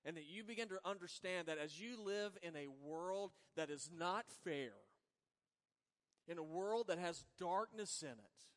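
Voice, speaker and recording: A man's voice: sits high, lively intonation, unhurried. Earnest man preaching in an echoing hall. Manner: earnest preaching, swings between soft and emphatic. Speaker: pastor. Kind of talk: sermon. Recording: long reverb of a large hall.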